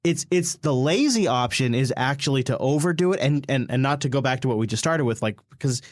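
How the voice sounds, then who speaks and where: A man's voice: mid-range voice, expressive, a little fast, dry recording, clean studio sound. A man co-hosting a casual chat, speaking earnestly and reflectively, with some swearing. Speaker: podcast co-host. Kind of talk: casual chat, giving advice.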